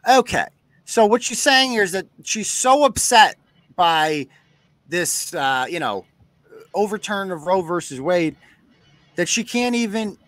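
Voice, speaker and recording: Sarcastic ranting man with a bright voice. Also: high voice, sing-song, measured pace, no echo. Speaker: host. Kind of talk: live podcast commentary.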